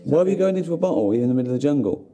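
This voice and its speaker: A man's voice: on the high side, lively intonation, rapid-fire, warm tone, soft background music. A man teasing and mocking a friend with blunt questions, often laughing. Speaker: co-host questioning the traveller.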